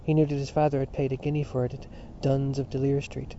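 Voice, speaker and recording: A man narrating a novel as an audiobook in a measured, even manner, on a dull lo-fi recording. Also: mid-range voice, a little hiss or hum.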